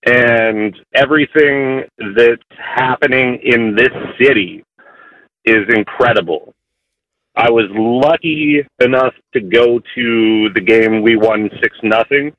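A Canadian man calling in to a sports radio show, speaking earnestly and haltingly, his feelings running high. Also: no echo. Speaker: caller. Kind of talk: phone-in call. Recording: dull phone-in line.

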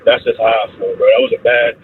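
A man's voice: fairly low pitch, steady tone, fast talker, slight background noise. A man in his thirties calling in to a sports radio show, rambling casually and with frustration. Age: 30s. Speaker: caller. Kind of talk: call-in on a phone line. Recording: tinny dry phone line.

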